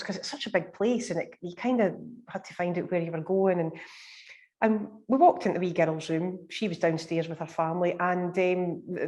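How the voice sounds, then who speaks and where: A woman, a paranormal researcher, recounting ghost experiences in a chatty, measured way with many fillers. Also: fairly low pitch, mellow. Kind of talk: storytelling in conversation.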